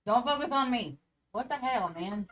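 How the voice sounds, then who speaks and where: A woman's voice: on the high side, lively intonation, moderate pace. A woman co-hosting a casual livestream chat, swearing freely and laughing often. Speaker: podcast co-host.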